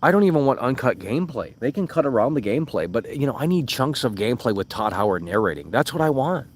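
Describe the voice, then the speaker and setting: A man's voice: mid-range voice, big pitch swings, fast, a little hiss or hum. A young man streaming and reading chat aloud, blunt and exasperated, swearing freely and mocking comments in sarcastic voices. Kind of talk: casual live-stream chat.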